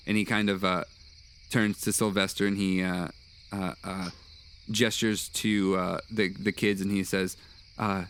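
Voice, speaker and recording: A man narrating a tabletop game as game master, halting with many fillers and restarts. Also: sits low, little pitch movement, fairly bright tone, slight background noise.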